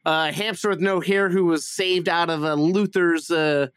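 A man's voice: fairly high pitch, fairly even intonation, normal speed, fairly bright tone, clean tone. A man hosting a casual chat, retelling a movie in a rambling, profane way and acting out lines in silly voices. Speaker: podcast host reviewing a movie.

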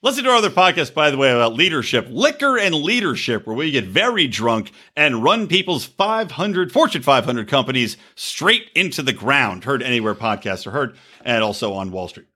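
A man's voice: medium pitch, very animated, brisk, few pauses, pushed and bright, slightly rough. A man co-hosting a podcast in casual chat, crude and mocking, cracking jokes. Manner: crude, joking, mocking, does silly voices. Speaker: podcast co-host.

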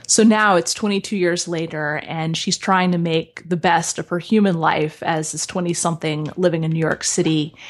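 A woman novelist who reads a passage from her book aloud and then talks about it in an interview. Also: lowish voice. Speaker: novelist and guest.

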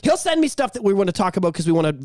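A man on a podcast with a very lively, swinging pitch, swearing freely and breaking into loud shouts. He jumps in and out of put-on voices and keeps the chat rambling. The sound is dry and close to the mic. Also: racing, no echo. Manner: acts out voices in quoted asides. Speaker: podcast co-host. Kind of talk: casual podcast banter.

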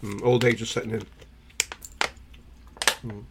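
A man, co-hosting a podcast, tells rambling stories in a husky voice and keeps clearing his irritated throat. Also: on the low side, flat delivery, measured pace, background noise. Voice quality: gravelly, husky. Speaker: podcast co-host. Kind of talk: casual storytelling chat.

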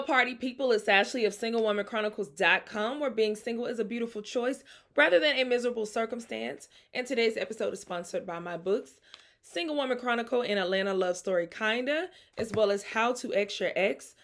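A young woman from Mississippi with a Southern accent, hosting her podcast in a loose, chatty way and laughing often. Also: medium pitch. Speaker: podcast host. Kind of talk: casual chat.

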